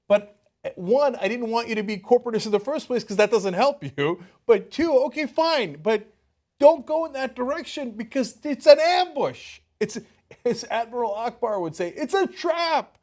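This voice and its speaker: A man's voice: very high voice, normal speed. Worked-up male political show host. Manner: animated, worked-up ranting. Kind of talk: political commentary.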